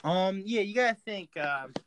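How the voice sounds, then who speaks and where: Young guy hosting a podcast, high voice that jumps all over, swears a lot, laid back. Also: expressive, unhurried, a bit bright, a little hiss or hum. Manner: loose, swears often. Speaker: podcast host. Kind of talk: casual chat.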